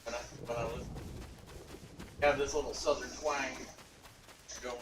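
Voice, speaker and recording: A man's voice: mid-range voice, steady tone, normal speed. A man teasing his wife from across the room, off her microphone. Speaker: streamer's husband. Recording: distant roomy off-mic pickup with noise.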